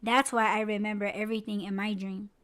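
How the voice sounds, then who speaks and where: A woman's voice: medium pitch, flat delivery, fairly quick, a bit bright. A woman podcast host in casual chat, rambling with lots of fillers and swearing freely. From United States.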